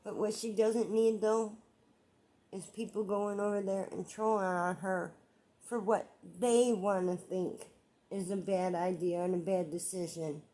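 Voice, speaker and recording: A woman talks slowly and at length to her viewers in a personal vlog. She rambles, circles back and repeats phrases, and her frustration keeps breaking through. Her voice sits at a middle pitch. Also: steady tone, dark tone. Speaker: vlogger. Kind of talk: emotional personal vlog monologue.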